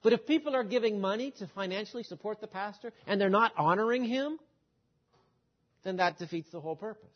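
A man preaching an expository sermon in a measured teaching manner, posing rhetorical questions and answering them. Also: high-pitched, lo-fi sound.

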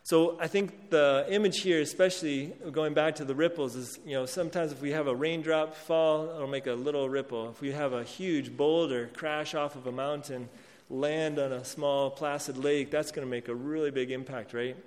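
Man, pastor, earnest sermon, higher-pitched voice, reverberant hall. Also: steady tone, moderate pace. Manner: earnest, reads scripture aloud with rising emphasis.

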